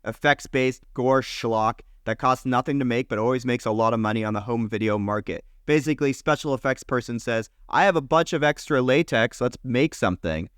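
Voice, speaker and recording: With a clear, resonant, fairly bright mid-range voice, this young man co-hosts a podcast. He eagerly works through film history year by year, firing off years in quick bursts and swearing casually, in clean studio sound with no room noise.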